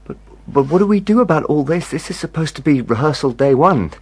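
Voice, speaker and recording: A man's voice: a little high, animated, a little fast, a little mellow, husky. An actor playing a bewildered, anxious male writer who stammers and talks in a flustered way in a radio drama.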